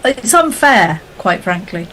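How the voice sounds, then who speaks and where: A woman's voice: mid-range voice, sing-song, slow pace, a bit bright, slight background noise, low-quality recording. A woman co-commentating on cricket in a chatty way, asking questions and trading quips. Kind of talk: casual commentary chat.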